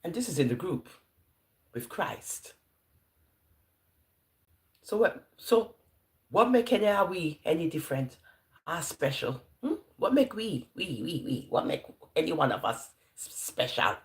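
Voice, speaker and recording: A preacher with a Jamaican patois accent gives a casual, conversational Bible lesson. The delivery is full of rhetorical questions, and the pitch swings widely. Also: sing-song, unhurried, pauses often. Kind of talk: informal Bible teaching.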